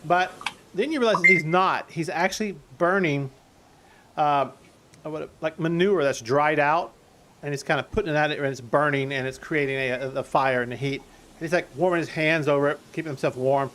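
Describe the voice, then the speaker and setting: A man's voice: a little high, normal speed, a bit bright. A man narrating a tabletop game as game master, rambling through restarts and fillers.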